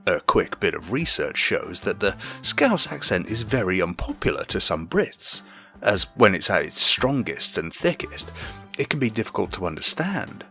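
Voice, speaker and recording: Low british guy reading his podcast bit, dry jokes, voice swings up and down, faint music under. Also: very animated, normal speed, bright, forceful tone. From Britain. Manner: dry, wry asides. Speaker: podcast co-host. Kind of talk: scripted segment read-out.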